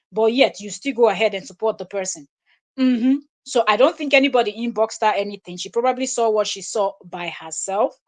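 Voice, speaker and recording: A woman hosting a live stream, commenting scornfully on clips she plays from another creator. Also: on the high side. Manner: scornful, laughs loudly and mocks. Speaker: live stream host reacting to videos. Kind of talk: commentary on a played video.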